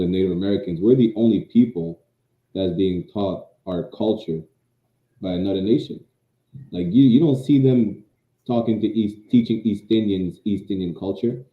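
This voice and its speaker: A man co-hosting a podcast in argumentative casual chat, often stammering into restarts, heard over a tinny line. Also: sits low. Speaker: podcast co-host. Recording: tinny phone-like line, roomy echo.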